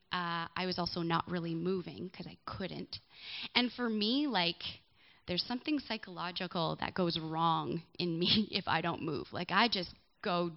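A young woman gives a personal testimony in a church hall before a live audience, speaking candidly and chatting with people in the crowd through asides. Her voice is lowish and the recording muffled.

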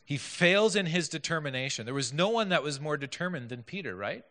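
With lively intonation and a fairly quick pace, a man with a bright, forceful, high-leaning voice preaches conversationally, questioning his listeners and making self-deprecating asides, all recorded in an echoey hall.

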